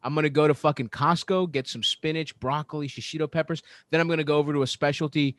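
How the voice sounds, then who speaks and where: A man with a slightly high voice rants through a sports story on a podcast, swearing constantly and speeding up in fast bursts. The sound is dry and close, with no room echo. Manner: profane, animated, ranting, fast bursts. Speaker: podcast co-host.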